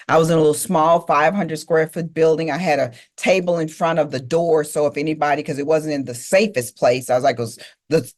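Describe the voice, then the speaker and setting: A middle-aged woman giving a motivational speech, telling her life story emphatically and speaking straight to the audience. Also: sits low. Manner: emphatic, repeats key phrases, addresses audience directly.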